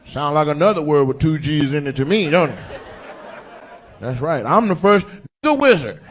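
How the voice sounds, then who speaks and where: A man performs stand-up at a club, his voice a little high and his speed normal. Loud and animated, he swings between shouting and muttering at the crowd; the live stage-mic audio has slight background noise.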